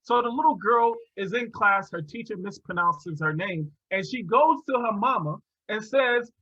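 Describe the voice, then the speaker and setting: A man presenting to teachers in an animated storytelling lecture, restarting often and chuckling as he goes, over a video call. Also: sits high, normal speed, slightly rough, lo-fi sound.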